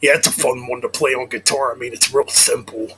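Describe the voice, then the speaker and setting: A man's voice: mid-range voice, fairly even intonation, a little fast, a bit bright, a little hiss or hum. A laid-back man in a casual podcast chat, mostly chiming in with short replies.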